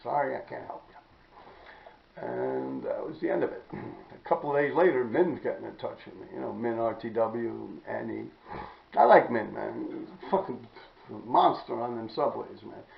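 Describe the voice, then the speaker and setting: A man, hosting a podcast and telling stories in a blunt, profane, rambling way, often clearing his throat. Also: medium pitch, very animated, normal speed. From New York City. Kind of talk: casual storytelling monologue. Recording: roomy, dull-sounding recording.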